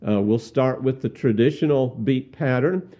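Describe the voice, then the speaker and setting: A man teaching how to lead a cappella hymn singing, speaking deliberately, repeating words and singing hymn lines as examples. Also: medium pitch, mellow. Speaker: song leading instructor. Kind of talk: instructional demonstration with sung examples. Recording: slightly dull, muffled sound.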